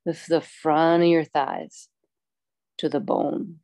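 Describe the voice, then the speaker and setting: A woman teaching a yoga class, calmly cueing poses and breaths with chatty asides. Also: low-pitched, slow pace, gravelly, dry recording. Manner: calm, instructive, chatty asides.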